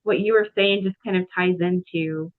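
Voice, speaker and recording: A woman's voice: on the low side, fairly even intonation, moderate pace, no room sound. A woman co-hosting a podcast, affirming and supportive as she chats with a guest. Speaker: podcast co-host. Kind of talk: casual conversation. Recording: dry, phone-like remote audio.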